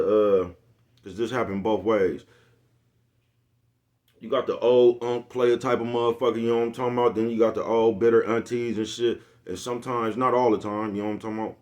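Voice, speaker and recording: Man, low voice, casual rambling vlog, crude slang, laughs a lot. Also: a little mellow. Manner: laughs often, crude slang, keeps asking "you know what I'm talking about". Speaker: vlogger.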